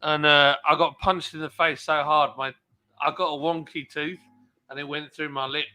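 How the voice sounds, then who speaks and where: A man from England chatting casually on a live stream, telling animated stories and laughing a lot. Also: fairly high pitch, moderate pace. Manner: mimics other people's voices in anecdotes.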